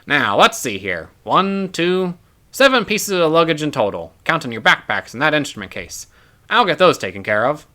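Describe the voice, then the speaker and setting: A man voicing a cheerful middle-aged male professor with an Australian accent, speaking loudly and warmly. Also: a little high, big pitch swings, normal speed, pitched above the performer's own voice. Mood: hearty. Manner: hearty, friendly, loud.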